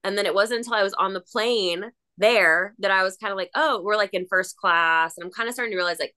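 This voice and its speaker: A woman's voice: mid-range voice, fast, few pauses, bright, forceful tone, clean tone. A woman, an actress, chatting as a podcast guest in an upbeat, gushing way, acting out little voices in her stories. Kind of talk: casual interview chat.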